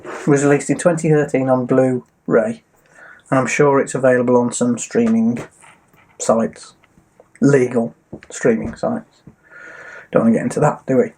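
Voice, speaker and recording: A man's voice: mid-range voice, steady tone, moderate pace, pauses often, warm tone, a little hiss or hum. A man co-hosting a casual entertainment chat show, reading out film facts with frequent ums. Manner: chatty, reads facts with filler ums. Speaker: co-host.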